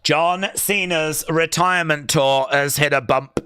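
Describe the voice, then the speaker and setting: Guy streaming a wrestling watch-along, slow drawl, kinda high voice, sarcastic. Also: steady tone, sharp tone, smooth. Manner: sarcastic, teasing play-by-play. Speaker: live stream host.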